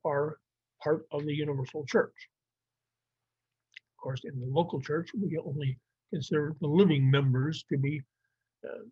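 A man's voice: on the high side, darkish tone, slightly rough, no room sound. A man teaching a Bible survey lesson, explaining plainly with some fillers and restarts. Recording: dry, muffled lo-fi recording.

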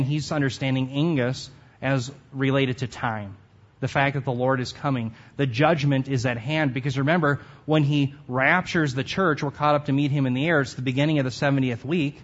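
Guy preaching a bible study, earnest, leans on key words, kinda muffled lo-fi sound. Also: mid-range voice. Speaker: Bible teacher. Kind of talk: expository sermon.

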